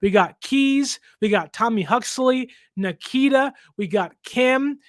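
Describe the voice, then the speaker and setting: A sports podcast host giving a casual game preview, excitable and often restarting words mid-sentence. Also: mid-range voice, slow pace, no room sound, clean studio sound. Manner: excitable, with frequent stammered restarts.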